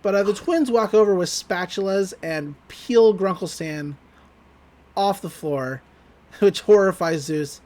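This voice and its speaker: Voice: medium pitch, unhurried, a little mellow. A podcast host giving a rambling, chuckling recap of a cartoon episode.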